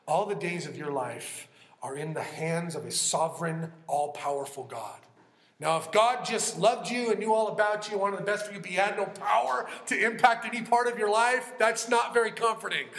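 High-voiced man preaching in an echoey room. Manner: earnest, conversational, drops to hushed tones for emphasis. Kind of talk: sermon.

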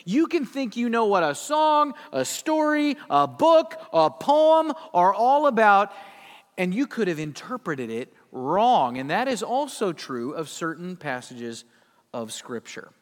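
A man's voice: high voice, very animated, a little slow. A man in his fifties, a pastor telling a humorous story as he opens a sermon in a church sanctuary. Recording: long hall reverb.

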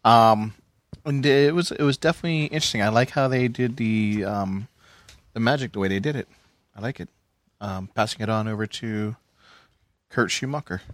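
A man's voice: on the low side, moderate pace, long pauses, dry recording. A man introducing himself as a player on a tabletop game podcast, hesitant and full of ums. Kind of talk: casual podcast chat.

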